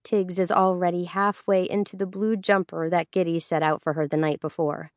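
A woman reading a novel aloud as an audiobook narrator in a steady, even storytelling voice. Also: fairly low pitch, normal speed, dry recording, clean studio sound. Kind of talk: scripted narration.

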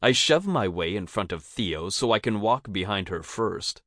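A man narrating a first-person audiobook in a steady, even storytelling manner on a close mic. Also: fairly low pitch, moderate pace, dry recording.

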